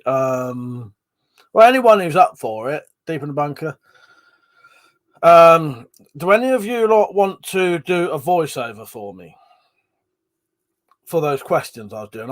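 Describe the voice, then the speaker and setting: A man hosting a casual live stream, reading out chat comments, rambling and swearing, short of breath and yawning. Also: a little high. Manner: chatty, swearing, reads chat aloud and rambles.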